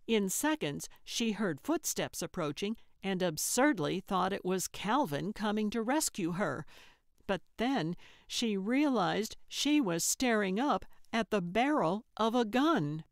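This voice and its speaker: A woman narrating an audiobook in a measured storytelling manner, on a close studio mic. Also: medium pitch, lively intonation, no room sound.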